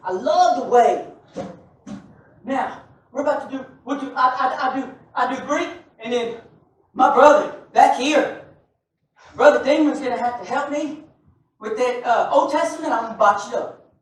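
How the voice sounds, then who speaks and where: A male preacher delivering a lively sermon, joking with and calling out to his congregation. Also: extremely high pitch, moderate pace, long pauses. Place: church sanctuary. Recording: very echoey church hall, mic far off.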